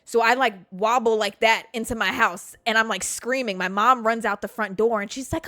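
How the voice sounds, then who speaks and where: Bright, animated woman telling a story. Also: fairly high pitch, dry recording, studio quality. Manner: animated, swearing, dramatic pauses. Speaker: podcast host. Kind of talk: casual storytelling.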